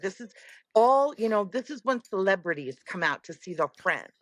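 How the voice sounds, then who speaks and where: Animated middle-aged woman telling a story. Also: medium pitch, moderate pace, no room sound. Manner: animated, acts out quoted voices. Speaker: podcast guest. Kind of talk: casual storytelling chat.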